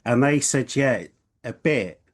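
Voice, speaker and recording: A man's voice: medium pitch, expressive, slow pace. A man, co-hosting a podcast and telling a rambling travel story with hesitant restarts. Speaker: podcast co-host. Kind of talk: casual chat, anecdote.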